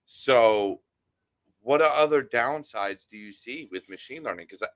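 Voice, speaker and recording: A man's voice: medium pitch, expressive, unhurried, a bit bright, no room sound. A man hosting a casual interview, blunt and outspoken, swearing freely. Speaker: podcast host.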